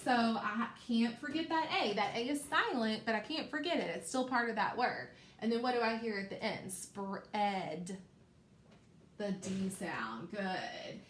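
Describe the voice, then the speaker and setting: A woman teacher giving a phonics lesson to young children, stretching out words slowly and encouraging them. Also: a little high. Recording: echoey room, faint background noise.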